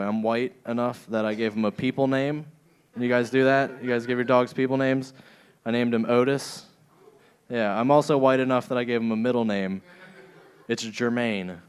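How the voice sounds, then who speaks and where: A young man doing a stand-up set in a comedy club, often laughing at his own jokes. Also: mid-range voice.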